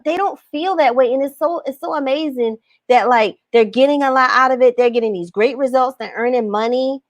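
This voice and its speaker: A woman's voice: sits high, brisk, few pauses, no echo. Emphatic woman coaching on a livestream. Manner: emphatic, repeats phrases, asks the audience questions. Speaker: online business coach. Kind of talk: livestream talk reading viewer comments.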